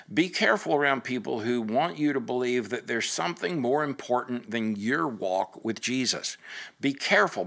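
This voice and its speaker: A man, the pastor, giving a relaxed, conversational weekday podcast sermon, upbeat and encouraging, sometimes stumbling and repeating words. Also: mid-range voice.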